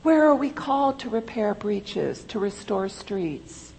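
A woman pastor delivering a sermon in a church, slow and deliberate, with emphatic rises. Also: medium pitch, lively intonation, vocal fry, warm tone, husky, low-quality recording.

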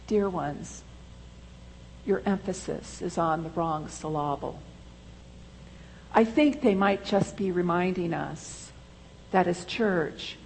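A woman pastor delivering a sermon in a church, slow and deliberate, with emphatic rises. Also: mid-range voice, darkish tone, a little hiss or hum, low-quality recording.

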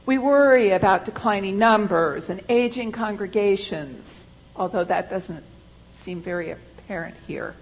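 A woman pastor delivering a sermon in a church, slow and deliberate, with emphatic rises. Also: medium pitch, a little hiss or hum, poor audio.

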